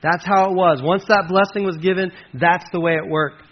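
Chatty preacher with a muffled sound. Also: male voice, sits high, steady tone, normal speed. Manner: conversational, with jokey asides to the congregation. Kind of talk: sermon. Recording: slightly muffled with faint hiss.

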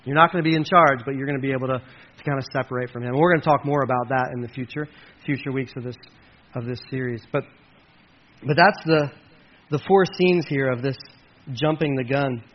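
A man's voice: medium pitch, fairly even intonation, a little fast. A man preaching a sermon in a conversational way, with jokey asides to his listeners. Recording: slightly muffled with faint hiss.

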